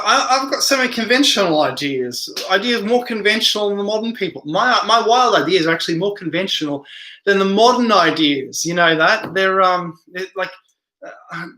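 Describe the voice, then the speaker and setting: A tired man hosts a late-night live chat, reading out viewer comments and wandering off into long asides. His voice sits a little high and has a sharp, forceful edge. The room around him rings with a noticeable echo. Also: animated, brisk. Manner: rambling, reads comments aloud and answers them. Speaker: live stream host.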